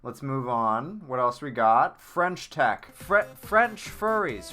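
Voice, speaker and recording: A man hosting a live-stream clip tournament in casual chat, excitable and rambling with lots of fillers. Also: mid-range voice, takes it slowly, few pauses, soft background music.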